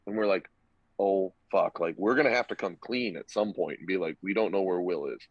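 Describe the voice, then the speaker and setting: A man's voice: low voice, lively intonation, fast talker, breathy edge, no echo. Profane young man telling a story. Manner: loose, profane, acts out quoted dialogue. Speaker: podcast guest. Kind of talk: casual storytelling. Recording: dull, lo-fi dry recording.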